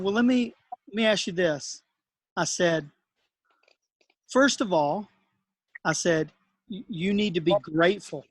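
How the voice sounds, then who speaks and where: A middle-aged man, a tennis coach and host, telling a personal story in a relaxed, earnest way and acting out the dialogue. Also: a little high, no room sound.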